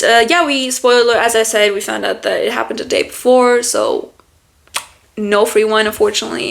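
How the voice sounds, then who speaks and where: A woman's voice: a little high, fairly bright tone. A young woman from Germany whose first language is German, rambling through a casual story as a podcast host, with constant fillers and swearing.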